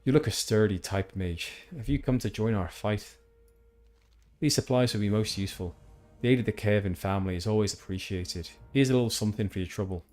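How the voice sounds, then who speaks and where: A man's voice: fairly low pitch, a little fast, a little mellow, faint music behind, lightly acted. Man doing a grim Northern Irish farmer-fighter. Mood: earnest. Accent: put-on Northern Irish. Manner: earnest quest-giver reading. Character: grim vengeful male human farmer turned fighter.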